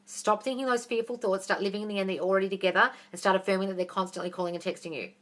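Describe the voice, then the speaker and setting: Brash Australian woman, bright voice. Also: mid-range voice, fairly even intonation, very fast. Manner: blunt, brash and profane, calls listeners darling. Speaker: manifestation coach. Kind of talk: livestream Q&A, reading and answering viewer questions.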